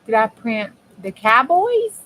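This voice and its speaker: A woman's voice: on the high side, very animated, takes it slowly, a bit bright, slight background noise, low-quality recording. A woman hosting a crafting video, chatting in a folksy, homespun way with herself and her viewers as she works. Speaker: crafting channel host. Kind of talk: casual chat while crafting.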